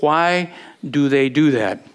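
A man's voice: a little high, expressive, takes it slowly, clean tone. A man preaching a sermon, earnest and rising to fervent scripture readings.

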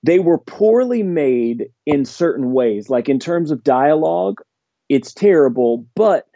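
A man talks in a loose, rambling way, full of fillers and eager asides. His voice is mellow and dark, on a dull lo-fi recording. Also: on the high side, expressive, unhurried, creaky, no echo. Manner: rambling, enthusiastic, heavy on fillers. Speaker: podcast guest. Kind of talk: casual chat.

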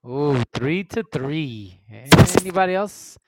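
A man's voice: fairly high pitch, expressive, takes it slowly, heavy background noise. A man hosting a casual online voice chat, calling out movie matchups and tallying everyone's votes in an upbeat way. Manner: calls out options and tallies votes, upbeat. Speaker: host running a movie vote.

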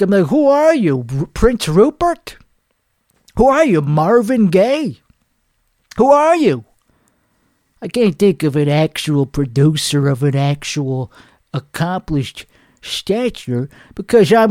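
Man doing a hoarse, cocky crude singer. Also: high voice, darkish tone, dry recording, studio quality, exaggerated voice. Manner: rambling, profane, cocky riffing. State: hoarse from singing. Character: crude, boastful male singer, self-absorbed and rambling. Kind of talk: comedic character monologue.

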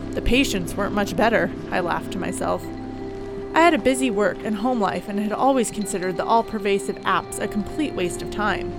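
A weary, sardonic middle-aged counselor narrates his own horror story in the first person, with a woman reading him in her own mid-pitched voice. He speaks at an ordinary pace, and music plays clearly behind him. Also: close to an everyday voice.

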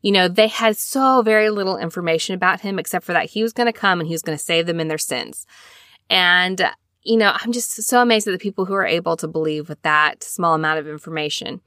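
Woman, podcast host, fast-talking, chatty, bright voice, dry close sound. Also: on the low side, dry recording. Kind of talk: casual scripture-study podcast talk.

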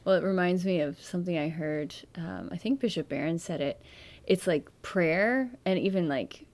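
A woman's voice: lowish voice, normal speed, darkish tone. A woman in casual faith conversation, earnestly walking a listener through steps of prayer.

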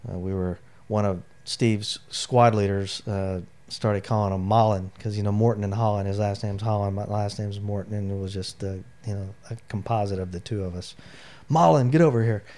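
A man's voice: lowish voice, little pitch movement, normal speed, hardly any pauses, darkish tone. A middle-aged man, an army veteran, telling his personal story in an interview, candid and emotional, with lots of "you know" fillers. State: near tears.

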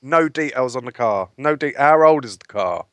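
A man's voice: medium pitch, animated, normal speed, fairly bright tone, no room sound. A man co-hosting a casual podcast, bantering crudely and reading listener letters aloud.

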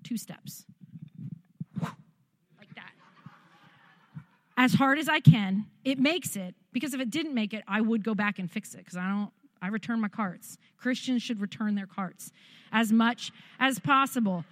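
Animated, humorous woman pastor preaching. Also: on the high side, moderate pace, no room sound. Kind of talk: sermon storytelling.

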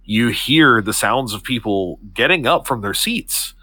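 A man's voice: medium pitch, animated, a little slow, pushed and bright. A man narrating as game master of a tabletop game, with a hesitant, filler-heavy delivery.

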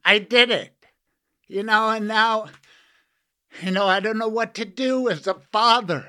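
An older man hosting a podcast, with a high voice that is very bright and sharp. His speech is smooth and clear. He talks in an earnest, emotional and rambling way. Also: fairly even intonation, unhurried. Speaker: podcast host. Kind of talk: casual interview conversation.

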